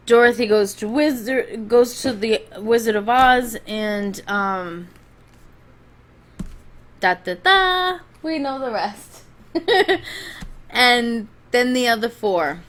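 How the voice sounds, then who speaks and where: A woman's voice: on the high side, fairly bright tone. A woman giving a rambling, chatty spoken book review, talking from home with frequent restarts.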